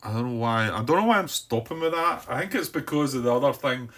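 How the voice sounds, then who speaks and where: Man, solo board game commentary, hesitant, self-questioning, repeats words, middle-pitched voice. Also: animated, fast talker, a bit bright. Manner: talks himself down by name. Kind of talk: thinking-aloud playthrough commentary.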